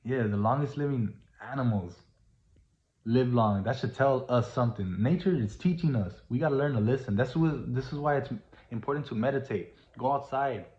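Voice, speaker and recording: A man's voice: medium pitch, moderate pace, darkish tone. Preachy man in an echoey room. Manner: preachy, earnest, repetitive, rising to emphatic. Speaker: vlogger. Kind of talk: casual monologue. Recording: roomy, dull lo-fi sound.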